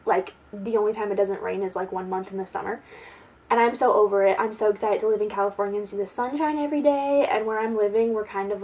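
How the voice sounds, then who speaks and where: Young female vlogger, chatty and giggly, casual to-camera talk, mid-pitched. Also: a little mellow, low-quality recording. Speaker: beauty vlogger. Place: at home, sitting indoors.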